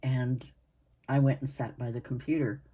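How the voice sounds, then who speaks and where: A woman in her sixties hosting her own channel, chatting to camera in a rambling way with pauses and restarts, her voice hoarse and interrupted by coughs. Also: rumbling low, steady tone, dark tone. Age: 60s. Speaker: channel host. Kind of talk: casual chat to camera.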